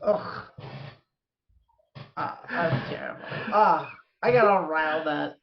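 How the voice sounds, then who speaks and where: A podcast co-host talking in casual chat, heated and rambling, with many restarts. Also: female voice, low voice, slow, creaky, over a noisy crowd. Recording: dull lo-fi sound.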